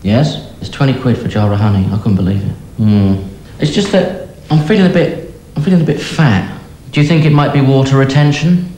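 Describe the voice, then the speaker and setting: An actor playing a patient and a therapist, trading deadpan one-liners. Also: male voice, medium pitch, a little fast, lightly acted. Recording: echoey room with faint noise.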